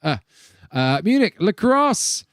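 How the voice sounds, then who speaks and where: A man's voice: high-pitched, slow, no echo, studio quality. A man hosting a band's livestream, reading out viewers' messages in a casual, upbeat way. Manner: lively, upbeat, reads names in bursts. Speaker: band member hosting a livestream.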